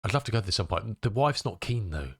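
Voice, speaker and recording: A man streaming live and talking casually to his chat, half to himself as he works. His voice sits fairly low but bounces around lively. The sound is close and dry, with no room around it. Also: fairly quick, husky, dry recording. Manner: chatty, muttering to himself while fixing things, answering chat.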